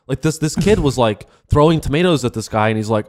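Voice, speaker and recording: A man's voice: mid-range voice, expressive, quick pace, few pauses. A man co-hosting a podcast, telling a rambling story full of swearing and restarts. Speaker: podcast co-host. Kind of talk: casual chat.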